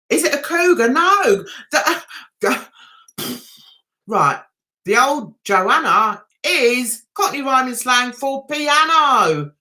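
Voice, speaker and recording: A middle-aged London woman hosts a chatty livestream, her bright, fairly high voice swooping all over as she teases her viewers and giggles. She talks at an unhurried pace. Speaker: livestream host. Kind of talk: casual livestream chat with viewers.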